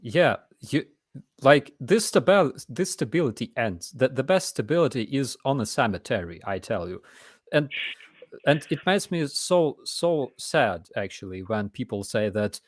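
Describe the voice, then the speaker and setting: A man's voice: mid-range voice, lively intonation, unhurried, no echo, studio quality. A man, hosting a casual live chat and talking in a blunt, emphatic way. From Ukraine. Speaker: host.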